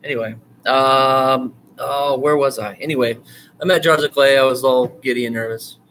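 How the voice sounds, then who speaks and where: A man's voice: medium pitch, moderate pace, slight background noise. Rambling male writing instructor, enthusiastic. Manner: rambling, digressive, with many fillers and restarts; bursts of excited enthusiasm. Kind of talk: casual screen-share lecture.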